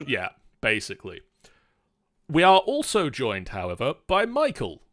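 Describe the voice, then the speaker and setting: Lively man hosting a stream. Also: mid-range voice, measured pace, dry recording, studio quality. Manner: animated, chatty, self-mocking. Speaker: host and dungeon master. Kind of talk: casual stream chat.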